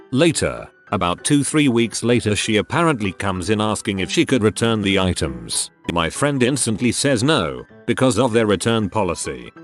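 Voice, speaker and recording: A man reading online stories aloud as scripted narration, with some odd misreadings. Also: fairly low pitch. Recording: faint music behind the voice.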